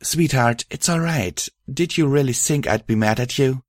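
A man voicing a gentle, caring mare. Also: medium pitch, moderate pace, dry recording, studio quality, voice pushed up, close to an everyday voice. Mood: tender. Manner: soft, reassuring. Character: gentle caring female pony, a loving partner.

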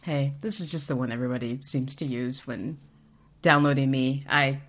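A woman's voice: a bass voice, steady tone, normal speed. A woman doing a breezy, laid-back AI voice. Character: laid-back casual AI voice module.

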